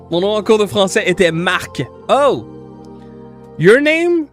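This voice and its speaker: A man's voice: high voice, big pitch swings, unhurried, soft background music. A man from French Canada casually chatting while streaming a game, playful and rambling, hopping between put-on accents. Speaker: gaming streamer. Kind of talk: casual gaming stream chat.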